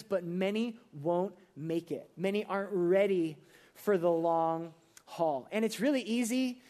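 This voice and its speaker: A young man preaching a sermon in a casual, conversational way, full of fillers and quick acted asides. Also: high voice, a little mellow. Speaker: pastor.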